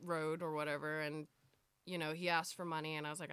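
A woman's voice: low-pitched, level tone, brisk, fairly bright tone, clean tone, no room sound. A young woman on a podcast as a guest, telling a story casually with lots of laughter. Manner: laughs often, tells stories with acted-out quotes. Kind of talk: casual chat.

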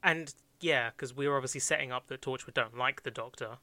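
A man's voice: medium pitch, a little fast, bright, forceful tone, no echo. A man chatting casually about film ideas, hesitant with many restarts, a bit phlegmy.

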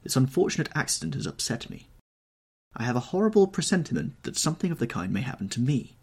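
A man voicing a nervous, brooding young gentleman, anxious and pleading, in an audiobook reading. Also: mid-range voice, sing-song, fairly quick, breathy edge, voice pushed up. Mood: haunted.

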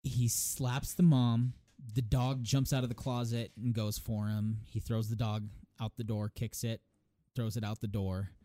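A man's voice: mid-range voice, measured pace, no echo, clean studio sound. A man co-hosting a casual podcast, retelling a story with lots of energy and frequent laughs. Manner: animated storytelling, laughs often. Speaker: podcast co-host. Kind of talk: casual chat.

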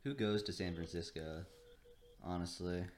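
A man's voice: low voice, moderate pace, heavy background noise. A young man co-hosting a podcast, joking casually and laughing often. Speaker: podcast co-host. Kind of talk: casual prank-call chat.

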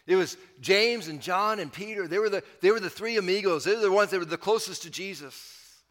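A man preaching a sermon as pastor, conversational, pushing up on key points and dropping low to close thoughts. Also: a little fast, fairly bright tone, in a large hall.

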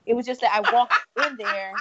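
Animated woman telling a story. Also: fairly high pitch, a little fast, lo-fi sound, very noisy. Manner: animated storyteller, acts out quoted people. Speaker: podcast co-host. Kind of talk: casual chat.

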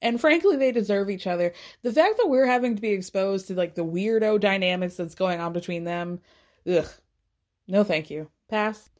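A woman chatting casually as a podcast host, retelling drama in a sarcastic, animated way and swearing freely. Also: mid-range voice, moderate pace. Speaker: podcast host recapping a reality show. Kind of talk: casual chat.

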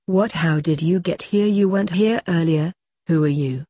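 A woman's voice: fairly low pitch, normal speed, dark tone, husky, dry recording. A woman reading the part of a puzzled show contestant dressed as a goldfish, asking questions.

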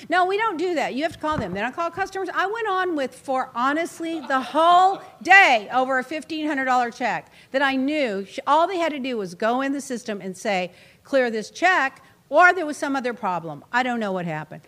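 Woman, podcast storyteller, high voice, lively pitch, exasperated. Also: normal speed. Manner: animated, exasperated, talks over others. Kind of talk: casual storytelling.

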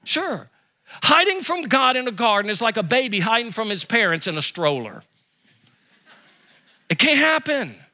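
A man preaching a sermon as pastor, with emphatic repetition and quick rises and drops. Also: very high voice, big pitch swings, pushed and bright.

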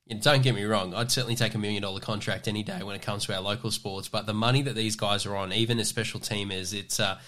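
A man's voice: fairly low pitch, steady tone, fast talker, hardly any pauses, bright, forceful tone. An Australian man hosting a casual sports podcast, loose and chatty, leaning on fillers while he steers the talk. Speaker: podcast host.

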